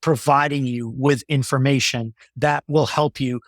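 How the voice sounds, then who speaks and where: A male company executive explaining his ideas in a business interview, in a measured way with many fillers and restarts. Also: medium pitch, fairly even intonation, no echo, clean studio sound.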